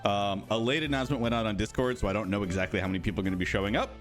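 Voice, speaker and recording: A man's voice: lowish voice, fairly even intonation, rapid-fire, a bit bright, soft background music. A man in his thirties hosting a casual livestream, playful and chatty, greeting viewers by name and rambling off on asides. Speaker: livestream host for a game studio.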